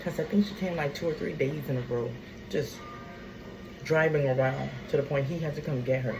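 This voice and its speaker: A low-pitched woman spills a storytime rant, blunt and sassy. Her delivery is drawn-out and expressive. A clear hum of background noise runs under her voice. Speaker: vlogger.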